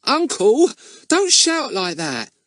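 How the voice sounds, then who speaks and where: A man puts on a high, jittery boyish voice for Ern, an earnest lad who talks in an eager, pleading rush. The pitch swings wildly from line to line, and the sound is dry and close. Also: very animated, moderate pace, dry recording. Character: boy Ern, anxious, earnest, eager to please.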